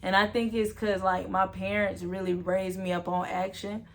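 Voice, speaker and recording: A woman's voice: mid-range voice, little pitch movement, moderate pace. A woman speaking candidly and emphatically in a casual, heartfelt conversation as a podcast co-host.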